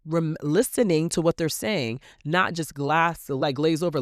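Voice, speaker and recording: With a low voice at normal speed and hardly any pauses, a woman hosts a motivational podcast in clean studio sound with no room echo, using a podcast mic. A coach by trade, she's lively, acts out quoted back-and-forths, and calls her audience queens.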